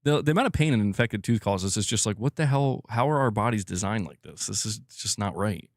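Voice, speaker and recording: Hosting a live stream, a man reads viewer comments while chatting bluntly, swearing and laughing often. His fairly low voice is animated and brisk, captured with clean studio sound and no room sound.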